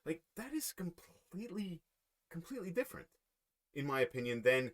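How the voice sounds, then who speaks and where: A man's voice: on the high side, very animated, normal speed, fairly bright tone. A man hosting a podcast in casual chat, rambling and joking as he loses his train of thought. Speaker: podcast host.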